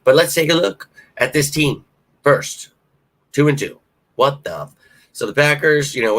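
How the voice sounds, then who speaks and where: A man hosting a casual live-stream sports talk show. He speaks to his viewers directly, thinks out loud and swears often. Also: mid-range voice, expressive, moderate pace, rough recording. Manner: restarts and fillers, thinks aloud.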